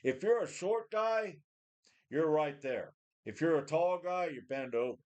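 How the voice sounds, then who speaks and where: A man's voice: on the high side, lively intonation, measured pace, a little mellow, dull audio. A man in his forties talking casually to his webcam from a home gym, blunt and profane, often sighing and restarting. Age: 40s. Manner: blunt, profane, weary, full of sighs and restarts. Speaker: vlogger. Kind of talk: casual rambling talk to a webcam.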